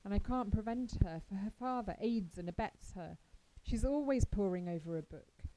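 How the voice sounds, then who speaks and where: A woman's voice: mid-range voice, lively intonation, normal speed, background noise, close to an everyday voice. A woman voicing a strict, proper middle-aged mother who is cordial but firm.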